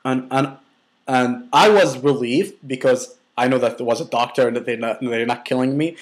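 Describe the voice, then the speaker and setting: A man's voice: mid-range voice, moderate pace. A young man casually telling a personal story, rambling with many restarts and filler words, and swearing bluntly.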